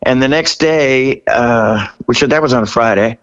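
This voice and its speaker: A man in his sixties, a rock singer guest, telling stories in an interview with animated energy, laughing and acting out what people said. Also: mid-range voice, measured pace, muffled recording. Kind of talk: storytelling interview.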